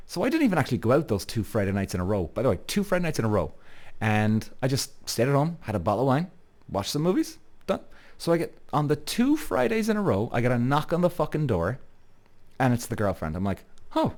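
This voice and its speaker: A man's voice: mid-range voice, animated, a little fast, a little mellow. A man hosting a podcast, telling a rambling personal story in a casual monologue and swearing freely. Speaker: podcast host.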